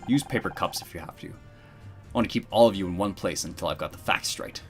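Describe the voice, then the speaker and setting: A man doing a gruff, bossy detective. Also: low-pitched, a little fast, soft background music. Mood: stern. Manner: curt, bossy and commanding. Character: gruff male senior detective, impatient and stern.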